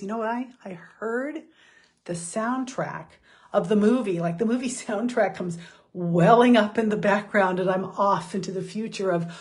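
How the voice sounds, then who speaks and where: A middle-aged woman giving a chatty motivational talk, self-deprecating and quick to laugh. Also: mid-range voice, breathy edge. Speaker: speaker.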